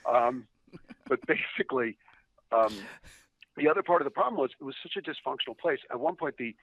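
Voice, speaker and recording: A man's voice: medium pitch, animated, brisk. A man on a podcast, telling profane anecdotes in a chatty, laughing way. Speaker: podcast guest. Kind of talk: casual storytelling. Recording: dry tinny phone line.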